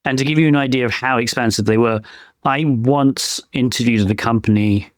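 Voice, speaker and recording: A man co-hosts a casual podcast and talks through his opinions as they come to him. His voice sits at an ordinary pitch and sounds dry and close to the mic. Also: brisk, no room sound. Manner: opinionated, thinking aloud. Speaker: podcast co-host; penetration tester. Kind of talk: casual chat.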